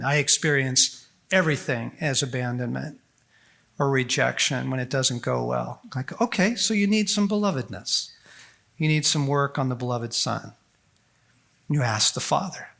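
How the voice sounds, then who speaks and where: A man speaking at a conference on faith, animated and folksy, full of quick asides and acted-out prayers. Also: a little high, vocal fry. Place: large conference hall.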